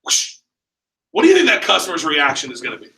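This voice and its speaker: A man's voice: on the high side, huge pitch swings, racing, creaky, sharp tone. A man leading a sales training session, talking with energy and quizzing his group with questions. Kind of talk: training seminar talk. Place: training room. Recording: echoey room, mic far off.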